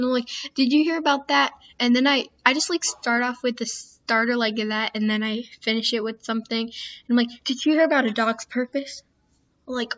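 A woman's voice: a little high, fairly bright tone. A teenage girl YouTuber rambling in casual chat, easily distracted and self-mocking. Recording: dull lo-fi screen-capture audio.

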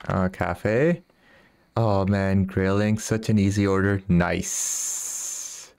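A man's voice: sits low, extremely slow, creaky, darkish tone, smooth, no echo. A man chatting casually with viewers while streaming a fishing game, often laughing and reading their messages aloud. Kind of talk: casual live-stream chat.

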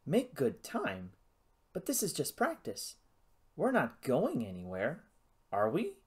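A man's voice: fairly high pitch, huge pitch swings, slow pace, breathy edge, heavily acted. A man reading a storybook, voicing an anxious, eager teenage prince who asks urgent, earnest questions.

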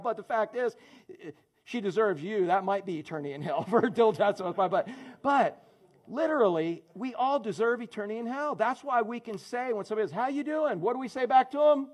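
Speaking fast in a high-pitched voice, a pastor preaches a sermon before a church congregation. He keeps it conversational and joking, calling on congregation members by name.

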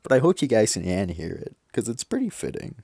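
A man's voice: fairly low pitch, wildly swooping pitch, darkish tone, slightly rough, no room sound, clean studio sound. A man casually playing through a visual novel, reading its lines aloud and chatting between them. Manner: chatty, quick asides, reads dialogue aloud. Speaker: let's play gamer.

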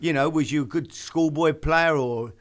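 An older man hosting a casual chat, telling lively football anecdotes and putting on voices for the people he quotes. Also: fairly high pitch, normal speed. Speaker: host.

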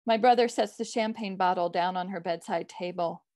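A woman author giving a measured reading of her own short fiction. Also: on the low side, a little mellow, no echo, studio quality.

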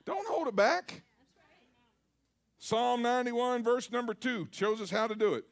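A man's voice: very high-pitched, animated, measured pace, gravelly. A man preaching a sermon to a congregation, with an emphatic, call-and-response delivery. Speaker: pastor. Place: church service.

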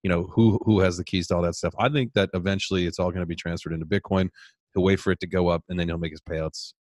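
A man co-hosting a podcast in casual chat, halting and repeating himself, with wry quips. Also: sits low, fairly even intonation, darkish tone, no room sound. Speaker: podcast co-host.

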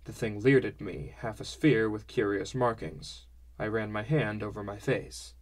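A man narrating a fantasy audiobook in the first person, in a measured storytelling manner. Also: lowish voice, steady tone.

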